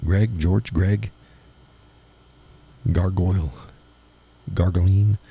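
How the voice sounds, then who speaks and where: A man hosting a live stream and chatting loosely as he reads out viewers' comments. His voice sits low with a dark, mellow color and a husky grain. He rambles and chuckles often. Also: steady tone, very slow. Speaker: live show host. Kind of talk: casual chat reading audience chat.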